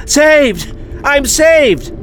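A man voicing a many-limbed female alien creature, shrill and desperate. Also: big pitch swings, very slow, noisy background, heavily acted. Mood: relieved.

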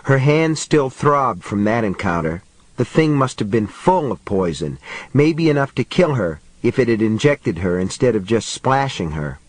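A man's voice: medium pitch, sing-song, moderate pace, no room sound, poor audio. Man narrating an audiobook, dry and close.

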